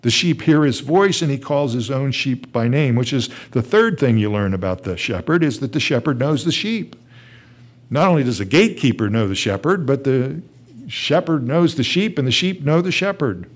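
A man's voice: medium pitch, animated, normal speed. A man preaching a sermon, explaining Bible verses with a teaching tone and some restarts. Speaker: pastor.

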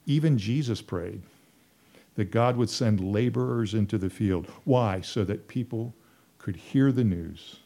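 A man's voice: medium pitch, warm tone. A man preaching a sermon, telling stories earnestly and repeating phrases for emphasis.

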